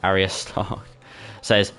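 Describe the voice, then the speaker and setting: Man, Brummie accent, live sim racing commentary, chatty and jokey, clear smooth voice. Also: deep voice, completely flat delivery, takes it slowly, sharp tone. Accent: Birmingham (Brummie). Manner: chatty, laughs easily, stumbles over names. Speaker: esports race commentator. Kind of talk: live-streamed race commentary.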